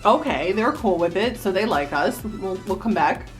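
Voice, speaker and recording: A woman in her thirties from New Jersey, USA, vlogs to the camera at a moderate pace, her voice mid-range with faint music in the background. She reminisces in a chatty, animated way, casually telling a story and quoting other people's voices.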